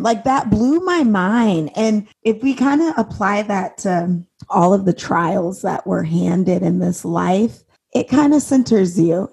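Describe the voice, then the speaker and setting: A young woman co-hosting a podcast in casual, chatty talk, laughing often and quick to tears. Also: medium pitch, creaky, darkish tone, husky. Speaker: podcast co-host. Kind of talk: casual chat.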